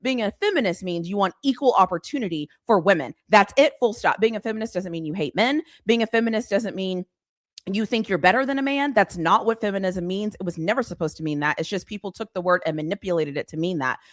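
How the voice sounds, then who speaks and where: A woman's voice: mid-range voice, fast, no room sound, clean studio sound. A woman host ranting bluntly and sarcastically in a casual live-stream chat. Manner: animated, exasperated, blunt, sarcastic. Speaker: sports commentary host.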